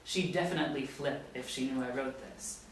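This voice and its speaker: A man reads a cool, smooth-talking schoolboy rebel who shrugs everything off. The table read is heard in an echoey room from a distance. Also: mid-range voice, brisk, slight background noise, natural voice. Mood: laid-back. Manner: laid-back, charming. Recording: roomy, distant mic.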